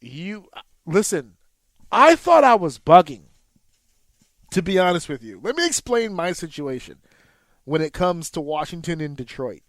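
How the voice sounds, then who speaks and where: A man's voice: fairly high pitch, big pitch swings, a little slow, pauses often, no echo. A man co-hosting a podcast, telling a casual, profane story and acting out his own reactions. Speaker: podcast co-host. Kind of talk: casual chat.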